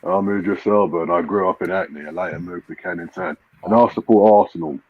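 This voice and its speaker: An English man putting on an impression of a famous actor, lowering his voice for a boastful self-introduction. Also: fast. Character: impression of a famous male actor, deep and rugged. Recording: tinny dry phone-like line.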